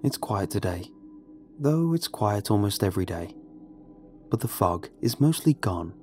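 A man narrating a first-person horror story in a somber, measured, grave way. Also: fairly low pitch, very animated, warm tone, faint music behind.

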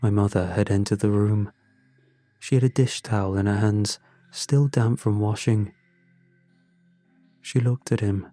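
A man narrating a first-person story in a slow, measured, somber manner. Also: fairly low pitch, fairly even intonation, mellow, no echo, faint music behind.

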